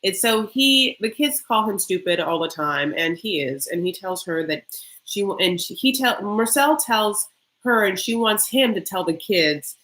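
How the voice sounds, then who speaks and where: A young woman hosting a reality-TV recap vlog, ranting bluntly and profanely, with quick mocking impressions of the people she describes. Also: mid-range voice, expressive, fairly bright tone. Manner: mocking, with quick acted-out quotes. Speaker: recap vlogger.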